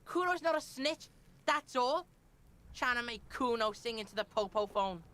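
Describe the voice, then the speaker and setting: Video game voice acting: a swaggering, foul-mouthed Liverpool street kid, played by a woman with a high voice. He taunts with profanity and refers to himself by name in the third person. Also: expressive, normal speed, fairly bright tone. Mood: taunting.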